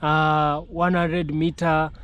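A man from Kenya hosting his own channel, greeting viewers formally and speaking haltingly with "uh" pauses. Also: a little high, flat delivery, fairly bright tone, muffled recording. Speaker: vlogger host. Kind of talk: channel intro and reaction.

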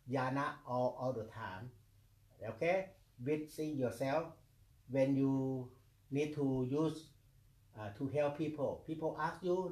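Slow, repetitive meditation teacher. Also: male voice, mid-range voice, darkish tone. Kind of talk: dharma talk. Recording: echoey room.

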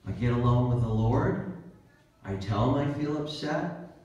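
A man's voice: mid-range voice, brisk, mellow. A man preaching in a church in a conversational style, now and then acting out what people say. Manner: conversational preaching with acted-out quotes. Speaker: pastor. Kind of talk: sermon. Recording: dull, roomy church recording from a distance.

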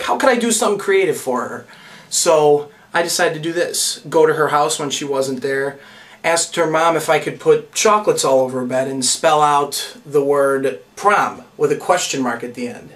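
A man's voice: a little high, a bit bright, far from the mic. A young man vlogger casually telling a comic story about himself in an exasperated, self-mocking way. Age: young adult.

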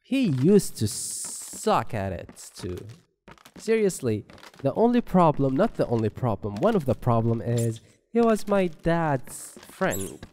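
A man rambles through a horror game at a slow, drawn-out pace, cracking jokes and swearing freely. His voice sits mellow and dark, in a casual let's-play commentary style. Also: mid-range voice, big pitch swings, a little hiss or hum. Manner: joking, rambling, swears a lot. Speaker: gameplay commentator.

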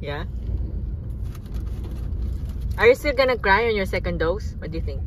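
A woman in her thirties with a Filipino accent, a mother chatting gently with her child from a car at a drive-through, teasing and coaxing. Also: mid-range voice, lively intonation, moderate pace, slight background noise, rough recording. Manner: gentle, teasing, laughs often, mixes in Filipino words. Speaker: mother and family vlogger. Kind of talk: casual family vlog chat.

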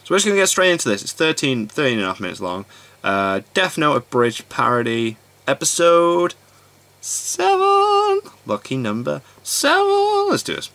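A man's voice: medium pitch, very animated, fast, bright, forceful tone. A man hosting a reaction video, chatting casually and laughing often. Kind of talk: casual commentary.

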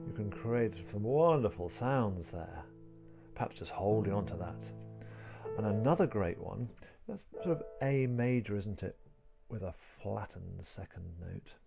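A man teaching a piano piece step by step. He talks gently while he plays and counts the beats aloud. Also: on the low side, animated, unhurried, gravelly. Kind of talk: piano tutorial, talking while playing. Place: indoors at a piano. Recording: talk over loud piano playing.

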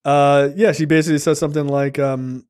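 A man's voice: a little high, fairly even intonation, a little fast, darkish tone, clean tone. A man casually retelling a film's plot on a review podcast, rambling and acting out the characters' lines. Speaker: film review podcast host. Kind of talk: casual movie recap with profanity.

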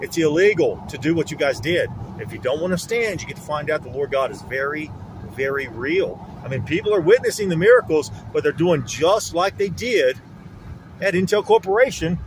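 A man's voice: fairly high pitch, animated, normal speed, a little hiss or hum. A middle-aged man filming a rambling vlog on his phone outdoors. He talks in an aggrieved, accusatory way and keeps repeating himself. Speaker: vlogger. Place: outdoors, around a lake. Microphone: handheld phone.

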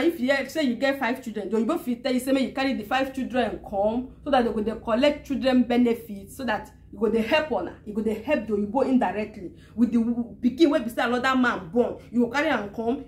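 Woman vlogger, Nigerian Pidgin accent, high-pitched and sarcastic, keeps hammering the same line. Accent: Nigerian Pidgin English. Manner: sarcastic, repetitive and emphatic. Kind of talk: casual monologue to camera.

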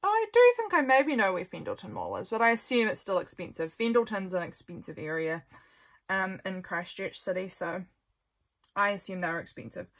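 A woman's voice: medium pitch, very animated, normal speed, fairly bright tone. A young woman chatting casually as she flips through her journal, rambling and correcting herself as she goes. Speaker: journaling vlogger.

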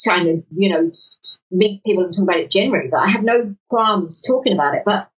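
A woman from the south-west London area, a guest in a podcast interview, telling stories in an animated way and acting out quoted dialogue. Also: mid-range voice, quick pace. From England, south-west London area. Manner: animated storytelling, acts out quoted dialogue, frequent restarts. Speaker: guest, lottery winner. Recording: dull sound from a distant mic.

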